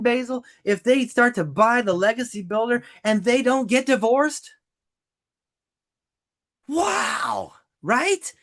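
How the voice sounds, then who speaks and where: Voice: mid-range voice, a bit bright. A business coach hosting a podcast, talking emphatically to a co-host, repeating key points and getting emotional over the examples.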